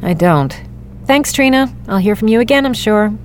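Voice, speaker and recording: A woman's voice: a little high, lively intonation, moderate pace, a little hiss or hum, natural voice. An actress playing a dry, sarcastic woman necromancer and bounty hunter. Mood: wry.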